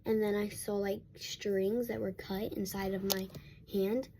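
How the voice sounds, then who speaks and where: A woman's voice: medium pitch, flat delivery, unhurried, noisy background. A young woman vlogger telling a casual storytime at home while getting ready, rambling with many restarts and fillers.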